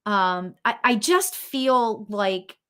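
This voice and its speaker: A woman's voice: mid-range voice, lively intonation, drawn-out words, clean tone. A woman hosting a live spiritual reading show, chatting casually with viewers, giggly and full of ums and restarts.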